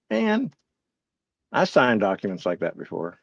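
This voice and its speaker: Bemused low-voiced male streamer. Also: animated, a little slow, dry recording, highs cut off. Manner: muses aloud and reads chat replies; bemused, self-mocking. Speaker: livestream host. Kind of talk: casual live-stream chat.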